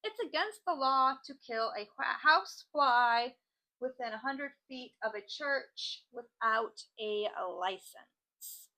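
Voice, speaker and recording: Bright, chatty woman crafting host. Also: high voice, expressive, slow, rough recording. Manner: chatty, joking asides. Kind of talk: casual chat while crafting.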